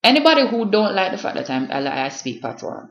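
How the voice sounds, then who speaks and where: A woman's voice: medium pitch, sing-song, fairly quick. A young Jamaican woman with a Jamaican accent, talking emphatically to camera in a casual vlog and switching between patois and standard English. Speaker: vlogger. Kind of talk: spoken-word piece then casual vlog talk. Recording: echoey room, slightly dull sound.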